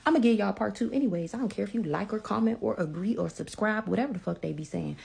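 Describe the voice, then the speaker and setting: A woman's voice: medium pitch, quick pace, creaky, a little mellow, slightly rough. A woman telling her own story to viewers in a casual vlog, emphatic, repeating lines for stress and swearing freely.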